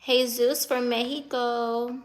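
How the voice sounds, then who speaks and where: A woman's voice: a little high, little pitch movement, slow pace. A woman in her twenties from the United States, chatting casually on a live stream and answering viewer comments as she reads them, laughing often. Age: 20s.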